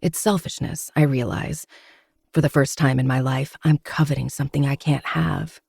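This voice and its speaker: A man's voice: mid-range voice, normal speed, gravelly, breathy edge, dry recording, studio quality. Man reading a romance novel aloud. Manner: steady, dramatic first-person narration. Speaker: podcast host.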